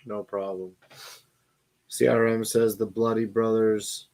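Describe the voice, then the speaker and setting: A man's voice: fairly low pitch, little pitch movement, slow pace, a little mellow. Podcast co-host, sleepy man, laid-back, swears freely. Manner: profane, laid-back, yawning. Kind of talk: casual chat.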